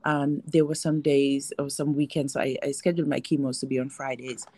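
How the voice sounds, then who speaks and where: A woman's voice: a bass voice, level tone, moderate pace, warm tone, dry recording. A woman speaking candidly and reflectively as a guest in a casual panel discussion, often restarting her sentences. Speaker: guest, breast cancer survivor and advocate.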